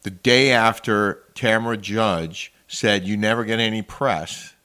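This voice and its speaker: A man's voice: on the low side, steady tone, measured pace, sharp tone, clean tone. A man co-hosting a casual daily chat show, talking easily and reading sponsor plugs. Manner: chatty, reads sponsor ads, laughs often. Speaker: co-host.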